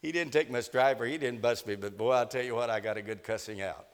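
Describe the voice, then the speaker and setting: Older man, preacher, folksy sermon storytelling, lots of fillers, mid pitch, long echoing hall. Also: fast, clean tone. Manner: folksy storytelling, many "uh" fillers, emphatic rises.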